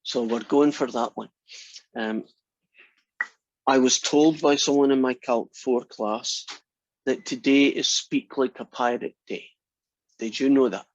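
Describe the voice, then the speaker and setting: A man's voice: medium pitch, fairly even intonation, measured pace, pauses often, muffled recording. A man lecturing a math class over a video call in a rambling, joking way. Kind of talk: casual online lecture.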